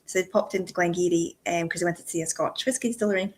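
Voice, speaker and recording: A woman's voice: lowish voice, steady tone, fast talker. A Scottish woman in casual podcast chat, telling stories in a chatty way and laughing often. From Scotland. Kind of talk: casual chat, anecdotal storytelling.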